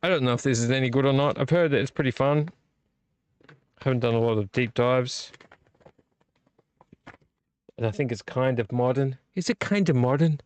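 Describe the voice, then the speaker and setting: A man's voice: mid-range voice, moderate pace, pauses often, darkish tone, clean tone, dry recording. Tipsy guy rambling on a late night stream, teasing a viewer, middle voice, dry close mic. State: tipsy from drinking. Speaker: vlog host.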